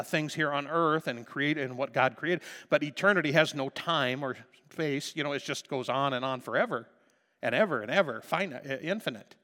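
A pastor preaching a passionate sermon, dropping to a hush and then rising to loud emphasis. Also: male voice, on the high side, normal speed. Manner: impassioned, swinging between hushed and loud. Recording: reverberant hall.

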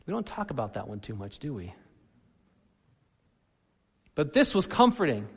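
A man preaching a sermon, animated, swinging between loud emphasis and soft asides. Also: medium pitch, normal speed, gravelly, husky, long reverb tail. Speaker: pastor.

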